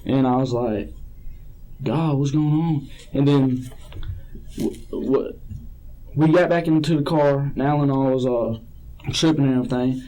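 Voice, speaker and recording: A man's voice: mid-range voice, moderate pace, long pauses, dark tone, rough recording. A man being questioned by police, rambling and hesitant, often repeating himself. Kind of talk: police interrogation.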